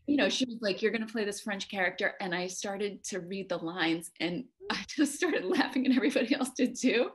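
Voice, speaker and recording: A woman's voice: mid-range voice, lively intonation, normal speed, few pauses, fairly bright tone, husky. A young adult woman, an actor, talking casually as an interview guest, chatty and self-deprecating, laughing often. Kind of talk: casual conversation.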